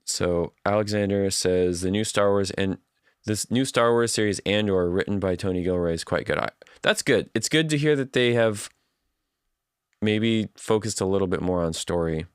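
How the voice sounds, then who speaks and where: A man's voice: fairly low pitch, normal speed, clean tone, dry recording, clean studio sound. A man hosting a livestream, chatting casually and reading out viewer comments. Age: adult. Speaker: livestream host.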